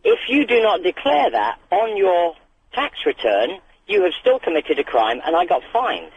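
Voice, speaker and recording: A man from Britain calling in to a radio show, telling his story with indignant, animated energy. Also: high-pitched, normal speed, a little hiss or hum. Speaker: caller. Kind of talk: phone-in chat. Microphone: telephone. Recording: lo-fi phone line.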